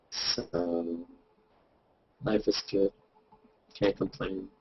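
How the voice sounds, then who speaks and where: A man's voice: mid-range voice, animated, normal speed, slight background noise. A man hosting a casual group video chat, joking and rambling playfully over a webcam. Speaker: host. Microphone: webcam over video call. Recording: lo-fi video call audio.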